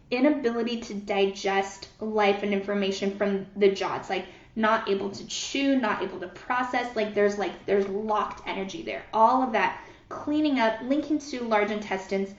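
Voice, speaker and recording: A woman's voice: medium pitch, moderate pace. A woman leading a live-streamed guided healing session, speaking soothingly and greeting viewers by name, with many fillers. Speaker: energy healer leading a live group session. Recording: roomy, dull lo-fi sound.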